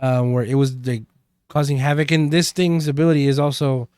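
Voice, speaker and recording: A man's voice: medium pitch, fairly even intonation, brisk, darkish tone, smooth, dry recording, studio quality. Man casually recapping a show. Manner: rambling, many fillers. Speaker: podcast co-host. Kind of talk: casual chat recapping a TV episode.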